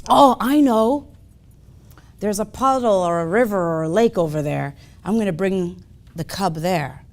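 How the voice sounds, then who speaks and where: A woman's voice: mid-range voice, lively intonation, a little slow, darkish tone, voice pushed down. A woman voicing a patient, wise older male lion in a spoken story. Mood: thoughtful. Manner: storytelling in character.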